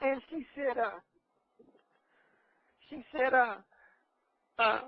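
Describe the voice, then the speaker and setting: A high-voiced regular caller with a Los Angeles accent rambles through a comic phone-in story on the radio, taking it slowly and losing his train of thought. The radio broadcast audio sounds dull, with no echo.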